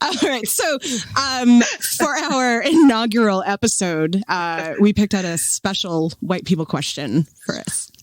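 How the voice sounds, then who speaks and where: A young woman co-hosting a podcast in casual chat, talking freely with lots of fillers and quick laughs. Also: mid-range voice, no echo. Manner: chatty, laughs often, frequent fillers. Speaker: podcast co-host.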